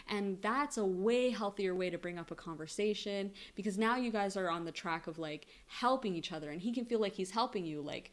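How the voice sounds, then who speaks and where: A woman's voice: mid-range voice, animated, normal speed, hardly any pauses. A young woman giving casual relationship advice in a chatty way, with lots of "like" and "you know". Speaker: relationship blogger. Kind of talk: casual advice talk to camera.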